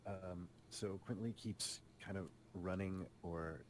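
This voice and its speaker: A man's voice: sits low, steady tone, takes it slowly, slight background noise. A man playing a tabletop game, hesitantly describing what his character does, with many ums. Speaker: player.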